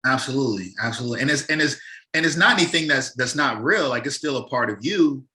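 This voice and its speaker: A man's voice: medium pitch, animated, fast talker, sharp tone. A man hosting a podcast, asking questions in an encouraging way and repeating words as he builds them. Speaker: podcast host. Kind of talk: casual interview talk.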